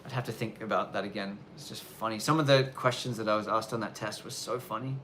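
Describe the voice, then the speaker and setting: Lowish and fairly even in intonation, this man talks fast in a slightly bright voice, with a little hiss or hum present. As a livestream host in snowy rural Japan, he runs a casual live Q&A, loose and rambling with plenty of fillers and restarts.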